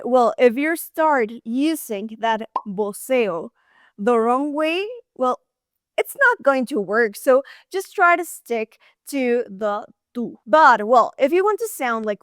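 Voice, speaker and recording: A woman's voice: on the high side, no echo, clean studio sound. A woman teaching Spanish in a chatty, friendly-explaining way, often saying "like". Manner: chatty, frequent "like" fillers. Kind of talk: explaining lesson to camera.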